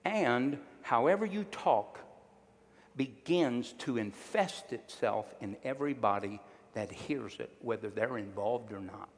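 A man's voice: mid-range voice, animated, a little slow, long reverb tail. A male pastor preaching a sermon, emphatic and drawing call-and-response from his congregation.

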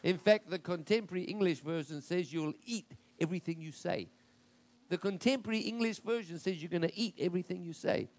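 Brief: male pastor, high-pitched voice, builds to emphatic declarations. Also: brisk. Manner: emphatic preaching, rising to declarations. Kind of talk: sermon.

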